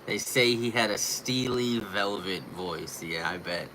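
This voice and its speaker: A man's voice: on the low side, unhurried, background noise. A young man hosting a casual livestream, rambling loosely with fillers and the odd curse. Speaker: livestream host.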